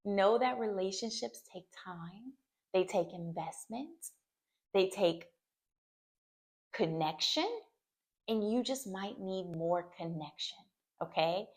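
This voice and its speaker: A woman speaking as a therapist and mother, giving earnest, reassuring advice to camera and often checking in with "okay?". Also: fairly high pitch. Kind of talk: heartfelt talk to camera.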